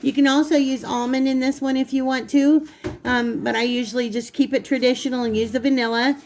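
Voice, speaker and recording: A woman hosting a casual cooking vlog in her home kitchen, chatty and quick to laugh at herself. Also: high voice, fairly even intonation, darkish tone, slight background noise. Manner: chatty, laughing, self-teasing.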